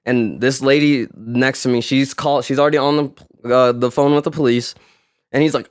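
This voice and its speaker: Animated man telling a story on a podcast. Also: medium pitch, moderate pace, dry recording, studio quality. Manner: animated storyteller, acts out quotes loudly. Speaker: podcast co-host. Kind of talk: casual chat, storytelling.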